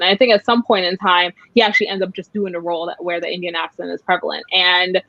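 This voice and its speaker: A woman guest in a casual discussion, animated and quick to restart her sentences. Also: fairly low pitch, no room sound. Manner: animated, restarts often, laughs between points. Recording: dull, dry lo-fi sound.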